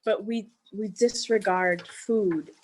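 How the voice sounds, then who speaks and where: A woman's voice: mid-range voice, takes it slowly, poor audio. A woman co-hosting a cooking show, talking casually and with enthusiasm about food. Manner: enthusiastic, expressive. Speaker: co-host.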